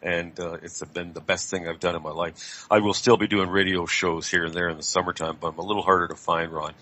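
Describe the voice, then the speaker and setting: A male radio host with a very low, deep voice. He speaks in a relaxed, reflective way during a casual on-air chat. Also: brisk.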